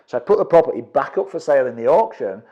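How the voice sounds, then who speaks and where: A middle-aged man, a property investment trainer, tells a story to an audience, acting out his own quotes with quick restarts. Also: medium pitch, animated, dull audio.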